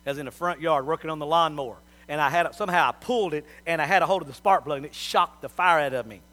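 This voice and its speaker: High-pitched, bright-toned middle-aged male preacher. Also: fast talker. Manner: folksy storytelling with big swings in loudness. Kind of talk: sermon.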